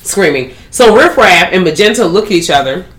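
Animated profane woman recapping a movie. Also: fairly low pitch, a little fast, slight background noise. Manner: animated, profane, slangy storytelling. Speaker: podcast host. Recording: roomy echo.

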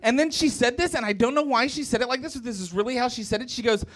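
Talking fast in an extremely high-pitched voice, a young man from West Virginia works a club stage with a stand-up set. He's animated and self-deprecating, breaking into exaggerated voices.

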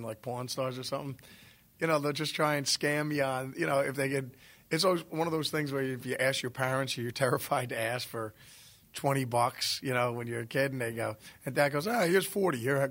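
A man's voice: mid-range voice, fairly even intonation, brisk, fairly bright tone. A man in casual interview chat, rambling and swearing freely, laughing as he tells stories. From New Jersey. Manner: rambling, profane, laughs often. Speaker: guest musician.

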